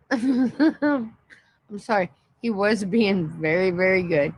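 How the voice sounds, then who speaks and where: A woman's voice: mid-range voice, breathy edge, dry recording, poor audio. A woman hosting a casual livestream, laughing constantly between phrases and swearing casually. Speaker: livestream host.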